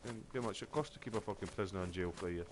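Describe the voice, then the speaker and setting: A man's voice: low voice, racing, noisy background. A Scottish man streaming a game, chatting casually in a rambling, sweary way full of fillers. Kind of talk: casual chat while gaming.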